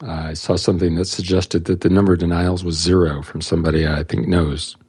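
A man with a very deep, heavily breathy voice talks on a podcast in a dry, matter-of-fact way. He sounds close, with no room echo. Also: level tone, brisk, darkish tone. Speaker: podcast guest. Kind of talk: casual tech podcast talk.

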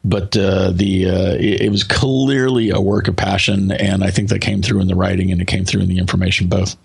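Gravelly low-voiced host man. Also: steady tone. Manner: hesitant, drawn-out praise with many fillers. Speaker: podcast host. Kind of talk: casual podcast chat.

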